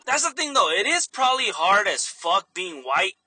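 A man's voice: high-pitched, sing-song, moderate pace, bright, forceful tone, slight background noise. A young man, a store manager, animatedly telling a story in a casual vlog, swearing freely and laughing often.

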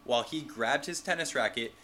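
Young man, bright mid-pitched voice. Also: brisk. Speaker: podcast co-host. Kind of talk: casual chat.

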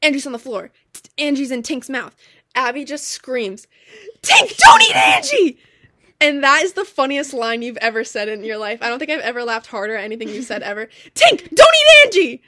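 A young woman tells a story in a casual chat with a bright, forceful voice sitting a little high. She talks in a lively, swearing way and laughs often. The sound is dry and close. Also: fast, no room sound. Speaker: co-host.

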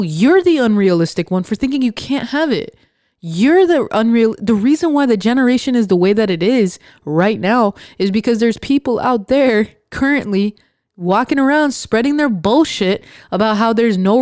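A woman's voice: fairly high pitch, expressive, moderate pace, a little mellow, no echo, clean studio sound. A young woman hosting a podcast, giving a blunt, profane motivational rant and mocking doubters. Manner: sarcastic, mocks others in put-on voices; profane and emphatic. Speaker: podcast host.

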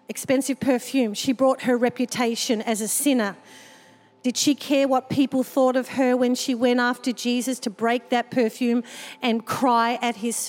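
A woman pastor with a high voice preaches a sermon at an unhurried pace and tells personal stories with open emotion. Her voice rings out with a long reverb from the church hall. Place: church service.

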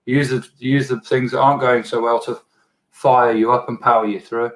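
A man interviewing a guest, asking long, halting questions with restarts. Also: medium pitch, little pitch movement, fairly bright tone, low-quality recording.

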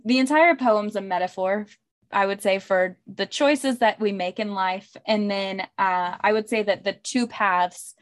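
A woman's voice: mid-range voice, a little slow. Woman podcast host chatting about a poem, lots of likes and ums, laughs a bunch. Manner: chatty, many "like" and "um" fillers, laughs often. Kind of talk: casual literary discussion.

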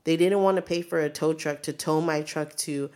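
A woman's voice: low-pitched, moderate pace. A young woman co-hosting a podcast, telling stories in casual chat, swearing a lot and acting out what people said. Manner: profane, animated storyteller acting out quotes. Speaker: podcast co-host.

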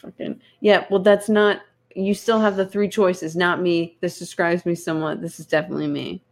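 A woman's voice: lowish voice, steady tone, moderate pace. A woman co-hosting a podcast, reading quiz questions aloud in casual, profane, teasing banter. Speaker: podcast co-host.

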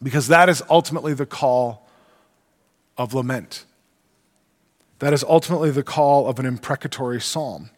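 A man's voice: mid-range voice, moderate pace, long pauses. A man preaching a sermon, reading scripture aloud and teaching in an earnest, emphatic way. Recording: long reverb of a large hall.

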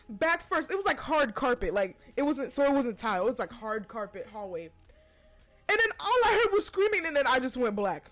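A woman's voice: sits high, sing-song, normal speed, faint music behind. A woman hosting a podcast, telling a personal story in a casual, profane way and laughing between lines. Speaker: podcast host.

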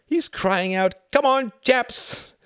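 A man's voice: fairly high pitch, huge pitch swings, unhurried, creaky, no room sound, studio quality, pitched above the performer's own voice, full character voice. A man reading the part of a weary, cynical older aristocratic diplomat with a sardonic drawl.

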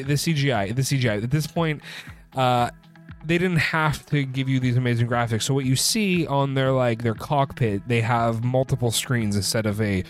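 A man hosting a casual movie review show, rambling through the plot with many filler words and restarts. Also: mid-range voice. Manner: sipping a drink while recording. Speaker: movie review podcast host.

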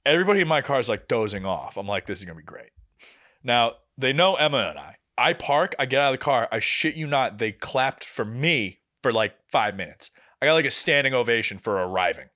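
Young man, podcast co-host, casual storytelling, rambling, quotes himself and others, mid-pitched voice. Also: brisk, hardly any pauses, no room sound, studio quality. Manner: rambling, animated storytelling with quoted asides and swearing.

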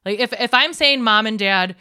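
A young woman with a Midwestern accent chats loosely on a podcast, restarting sentences and laughing as she goes. Her voice is bright and crisp, recorded close and dry. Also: a little high, normal speed, no room sound. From South Dakota. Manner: chatty, laughing, full of fillers and restarts. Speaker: podcast co-host. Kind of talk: casual chat.

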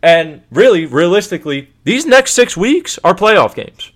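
A man hosts his own sports show in a loose, emphatic monologue. His voice sits slightly high, and he drives his points home by repeating them and asking rhetorical questions. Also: big pitch swings, unhurried, a bit bright. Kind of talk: casual sports commentary monologue.

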